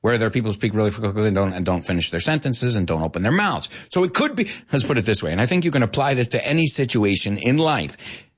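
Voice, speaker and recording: A man hosting an English lesson in a chatty, lively way, dropping Spanish words in between and laughing often. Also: lowish voice, quick pace, slightly rough. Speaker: English teacher and show host. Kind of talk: live online English lesson.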